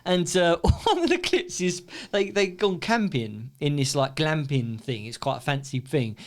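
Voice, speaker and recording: A man's voice: on the high side, very animated, measured pace. An English man co-hosting a casual podcast chat, telling stories animatedly and laughing often. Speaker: podcast co-host.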